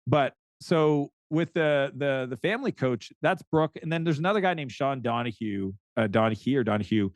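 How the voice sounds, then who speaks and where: Animated middle-aged man from Canada, dry sound. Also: medium pitch, moderate pace, hardly any pauses, no echo. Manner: animated storyteller who acts out quoted dialogue, frequent restarts. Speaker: podcast guest, entrepreneur. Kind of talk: casual interview chat.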